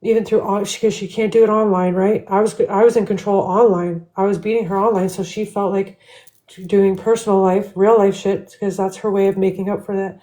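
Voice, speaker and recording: A woman vents on a live stream in a heated, profane monologue, leaning on "like" between nearly every phrase. Her voice is very warm and mellow, with no brightness to it, and sits at an ordinary pitch for a woman. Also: flat delivery, brisk, poor audio. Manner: heated, profane, with constant "like" fillers. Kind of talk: angry ranting livestream monologue.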